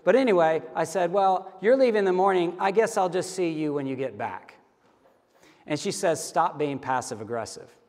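Middle-aged guy preaching, chatty and candid, kinda high voice, lots of hall echo. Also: lively intonation, normal speed, a little mellow. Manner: conversational, candid storytelling. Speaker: pastor. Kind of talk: sermon.

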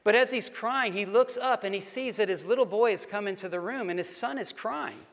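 A man's voice: high-pitched, fairly quick, fairly bright tone, in a large hall. A man earnestly retelling a novel to listeners, his talk full of "like" fillers. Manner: earnest storyteller, frequent "like" fillers.

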